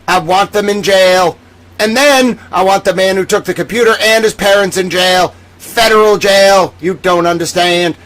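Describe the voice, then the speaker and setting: A man's voice: sits high, moderate pace, fairly bright tone, low-quality recording. A man voicing an indignant self-styled male journalist who melodramatically demands that the government arrest people. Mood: outraged. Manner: melodramatic, pompous outrage, demanding.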